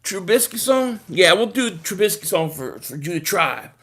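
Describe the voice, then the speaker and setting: Man hosting a chatty, high-voiced football stream. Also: normal speed, husky. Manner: rambling, excitable, repeats words, sings short chants. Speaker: live stream host. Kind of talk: casual live stream chat reading comments.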